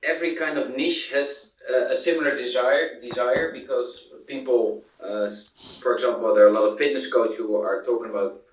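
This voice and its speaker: A man's voice: mid-range voice, steady tone, normal speed. A man asking a trainer a question during a training session, hesitant and restarting often. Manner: hesitant, many fillers and restarts. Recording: roomy sound, distant from mic.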